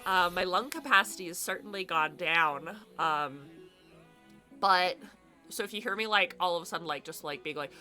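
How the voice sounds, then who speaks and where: Bright-voiced breathless woman streamer. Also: lowish voice, moderate pace, faint music behind. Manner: bubbly, chatty, excitable greetings. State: stuffy nose. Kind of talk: casual live-stream chat.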